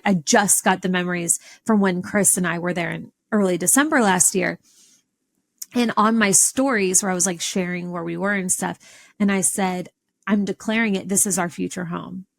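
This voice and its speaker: Animated woman podcast host telling a story. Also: vocal fry. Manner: animated, expressive storyteller with sudden pitch jumps. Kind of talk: personal storytelling monologue.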